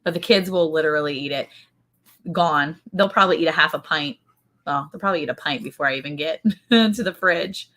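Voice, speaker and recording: A woman's voice: sits low, fairly quick, a bit bright. Chatty Texan woman on a livestream. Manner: chatty, laughing, greets viewers by name. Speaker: co-host of a homestead livestream. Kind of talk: casual livestream chat.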